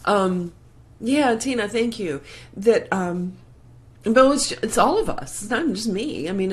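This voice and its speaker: A woman hosting a live morning show, talking in a casual, emotional, heartfelt way with many restarts into a plug-in microphone. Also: low-pitched. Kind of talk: casual live-stream chat.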